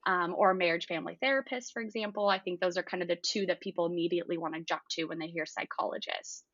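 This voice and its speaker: A woman's voice: on the low side, fairly even intonation, fast, fairly bright tone, dry recording, lo-fi sound. A woman guest on a podcast, speaking articulately and upbeat, laughing often as she explains her work. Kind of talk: casual interview conversation.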